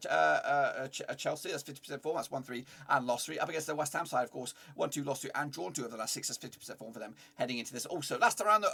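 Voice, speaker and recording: A man's voice: on the high side, gravelly, fairly bright tone, slightly rough. A young man hosting a football predictions vlog, rattling off stats and odds and leaning on "of course" again and again. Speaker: football prediction channel host.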